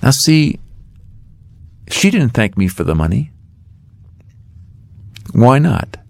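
A man's voice: mid-range voice, takes it slowly, vocal fry, dry recording. A middle-aged man, an author and guest, telling a faith story and acting out the voices in it. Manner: animated storyteller acting out dialogue.

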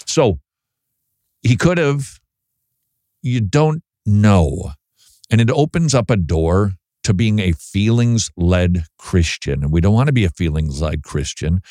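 A man's voice: low-pitched, mellow, dry recording, clean studio sound. A man hosting a Christian talk show, chatting wryly and reading listener emails aloud. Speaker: Christian radio host. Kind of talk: casual talk show commentary.

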